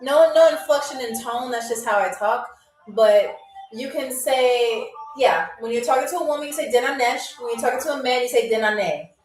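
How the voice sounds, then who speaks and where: A woman hosting a live-streamed game show, teasing viewers and reading their comments aloud, and saying foreign phrases very slowly. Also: a little high. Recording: roomy, mic at a distance, faint music.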